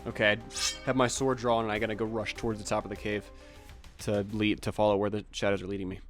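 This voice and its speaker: A man's voice: fairly low pitch, flat delivery, fast talker, faint music behind. Hesitant man playing a tabletop game. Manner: hesitant, with fillers. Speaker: player.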